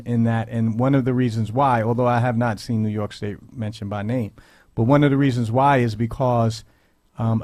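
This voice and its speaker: A man hosting a radio talk show, speaking in a measured, earnest way with frequent pauses and "um"s. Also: medium pitch, darkish tone, no room sound. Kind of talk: radio commentary. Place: radio studio.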